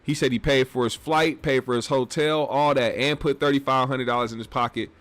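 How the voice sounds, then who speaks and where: A man's voice: mid-range voice, fairly even intonation, a little fast, fairly bright tone. A man hosting a casual commentary show, talking in a loose, rambling and profane way. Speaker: host.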